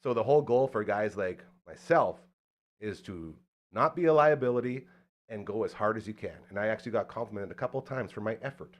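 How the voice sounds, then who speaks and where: A man's voice: on the low side, brisk. A man hosting a casual podcast chat, telling a long story with lots of energy and acting out the quotes. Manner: animated storyteller, acts out quotes. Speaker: podcast host.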